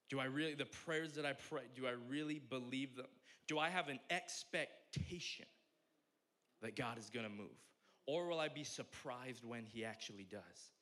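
A young man preaching a sermon as a pastor, telling stories in an animated way and acting out the voices. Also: mid-range voice. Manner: animated storytelling, acts out voices.

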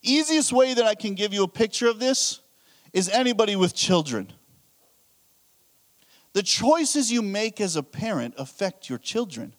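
A man's voice: high-pitched, normal speed, pauses often. A pastor preaching a sermon, telling a story and acting out his own thoughts. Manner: animated storytelling with acted-out inner thoughts.

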